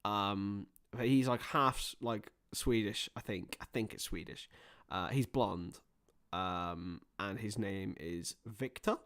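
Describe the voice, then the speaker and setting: A young man hosting a live match watchalong, chatting casually and rambling between topics, with excited bursts of play-by-play. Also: lowish voice, slow, hardly any pauses. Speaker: livestream host.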